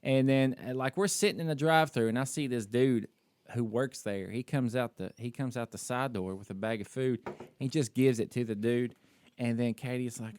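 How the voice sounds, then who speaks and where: A man with an average-pitched voice talks casually on a podcast and tells a story about himself without holding back. He is self-critical and piles on "you know" and "like". The sound is close and dry, with no room echo. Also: moderate pace, darkish tone, clear, resonant tone. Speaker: podcast co-host. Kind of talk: casual chat.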